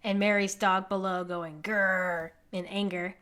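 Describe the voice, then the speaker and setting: A woman reading a children's picture book aloud in an animated way, pointing out the pictures with small laughs. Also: mid-range voice, a little slow. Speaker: conservation group organizer reading to children.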